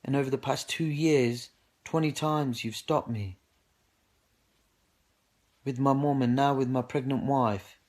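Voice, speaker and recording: A man's voice: mid-range voice, measured pace, pauses often, a little mellow. A man with a British English accent giving an aggrieved personal account to camera, indignantly recounting events and quoting himself with repeated "I go". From United Kingdom. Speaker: man speaking out on social media.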